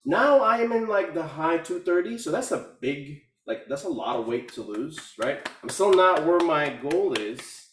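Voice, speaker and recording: A man giving a casual testimonial on a video call, talking haltingly with many fillers and restarts. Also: on the high side, expressive. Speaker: community call participant. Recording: echoey room, far from mic.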